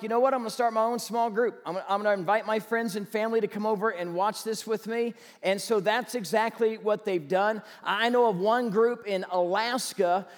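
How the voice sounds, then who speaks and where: A man preaching a sermon as pastor, telling stories with animated energy and rising to shouts. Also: high voice, in a large hall.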